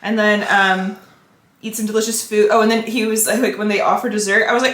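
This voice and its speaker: A woman's voice: medium pitch, a little fast. A woman casually telling a story on a podcast, acting out what people said and swearing often. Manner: animated storyteller acting out quotes, frequent swearing. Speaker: podcast co-host. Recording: echoey room, faint noise.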